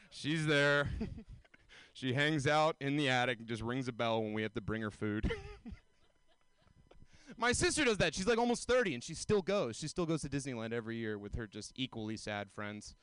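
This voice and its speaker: A man in his twenties performing a self-mocking stand-up set, often jumping into high mocking voices. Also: animated, normal speed, long pauses, fairly bright tone, clean tone, dry recording. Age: 20s. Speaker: stand-up comedian.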